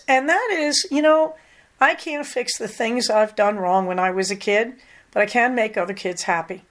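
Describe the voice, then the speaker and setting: A woman's voice: a little high, normal speed. Candid older woman podcast host. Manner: candid, conversational, lively emphasis. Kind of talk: casual monologue.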